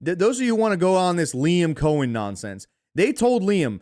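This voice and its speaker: A man co-hosts a casual football podcast, his voice sitting a touch high. He rants in heated, profane bursts, recorded dry and close with no room around him. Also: big pitch swings, moderate pace, a little mellow, dry recording. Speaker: podcast co-host. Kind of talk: casual sports chat, reading super chats.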